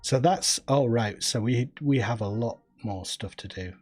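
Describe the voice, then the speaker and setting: A man chatting casually while streaming a video game, relaxed and wry. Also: medium pitch, measured pace. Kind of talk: casual gaming livestream chat.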